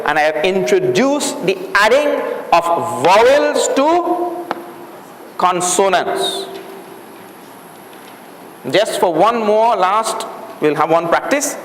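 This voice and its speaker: A man's voice: sits high, fairly bright tone. A man teaching a Sanskrit class, patiently explaining and repeating words for the students, asking them questions as he goes. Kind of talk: classroom lecture. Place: classroom or hall. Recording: echoey hall, faint room noise.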